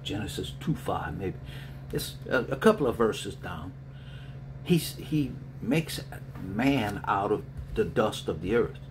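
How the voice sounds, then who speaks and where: Brief: middle-aged male spiritual reader, lively up-and-down delivery, slight hum behind him. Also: fairly low pitch. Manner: rambling, animated storyteller who laughs often. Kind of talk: casual vlog answering viewer questions.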